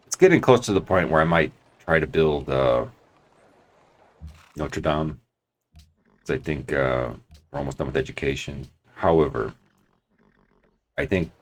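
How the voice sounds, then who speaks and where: Extremely low-pitched, gravelly, and husky, this man's voice carries long let's play commentary on the strategy game he is playing. He plans out loud, frequently restarting and hedging as he thinks.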